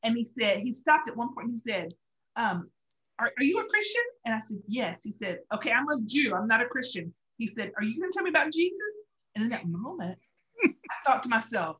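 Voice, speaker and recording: The audio is poor, but the middle-aged woman's voice comes through a bit bright and on the high side. As co-host of a faith talk show, she tells a personal story in an earnest, emotional way, at times laughing through tears.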